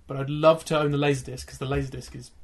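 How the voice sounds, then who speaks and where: A man's voice: medium pitch, flat delivery, a crowd in the background. A man chatting casually, rambling and correcting himself as he goes. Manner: rambling, self-correcting, quick. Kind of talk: casual chat.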